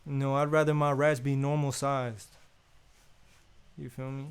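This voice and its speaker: Laid-back Bay guy hosting an unboxing, smooth and resonant, loose slangy chat. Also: medium pitch, level tone, measured pace. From Oakland, California. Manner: laid-back, slangy, keeps repeating "you feel me". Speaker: unboxing host.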